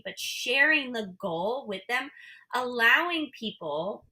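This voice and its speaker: A woman's voice: a little high, sharp tone. A woman guest on a business interview, talking in a chatty, playful, upbeat way. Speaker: guest, membership business owner. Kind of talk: casual interview talk.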